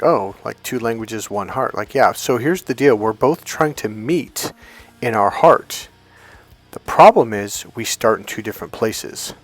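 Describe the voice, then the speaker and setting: A middle-aged man coaching men on dating, talking bluntly with plenty of swearing and acting out the voices of the people he quotes. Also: mid-range voice. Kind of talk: direct-to-camera coaching talk.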